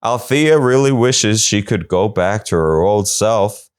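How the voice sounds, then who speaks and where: Man reading offbeat news with sarcastic asides, very lively intonation. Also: lowish voice, unhurried, smooth. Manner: sarcastic, quips between news items. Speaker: podcast host.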